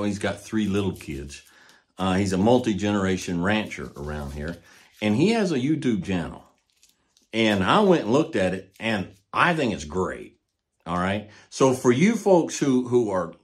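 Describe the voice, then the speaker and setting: An older man who trains horses, hosting a casual monologue in a folksy, plainspoken way and repeating points for emphasis. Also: lowish voice. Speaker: podcast host, rancher and horse trainer.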